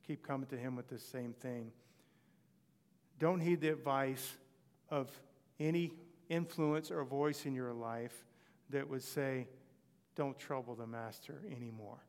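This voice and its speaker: A man preaching a sermon, retelling scripture stories with animated delivery and voicing the people he quotes. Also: mid-range voice, slow, pauses often, in a large hall.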